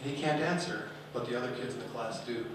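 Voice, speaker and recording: A man's voice: medium pitch, quick pace, background noise. A man telling stories dramatically to an audience. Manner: dramatic, animated storytelling. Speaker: speaker. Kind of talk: storytelling talk. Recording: echoey hall, speaker far from mic.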